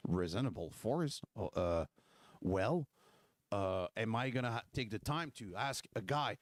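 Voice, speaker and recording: A man's voice: medium pitch, lively intonation, normal speed, no room sound. Fiery man. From Quebec. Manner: fiery, repetitive, full of rhetorical questions. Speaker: political livestream host. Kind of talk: impassioned political rant.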